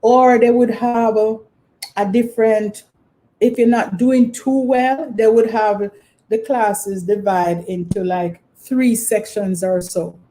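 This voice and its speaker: Mellow Jamaican woman reminiscing. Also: a little high, fairly even intonation, slow. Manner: rambling, filler-heavy storytelling. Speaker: channel host. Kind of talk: casual reminiscing monologue.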